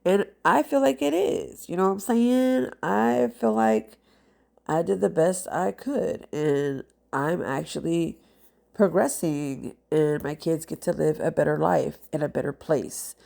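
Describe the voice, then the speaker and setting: A woman's voice: low voice, a little slow, vocal fry, darkish tone. A woman, a mother, talking casually and heartfelt to camera as a nail vlogger, rambling with many fillers and sounding congested. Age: adult with children.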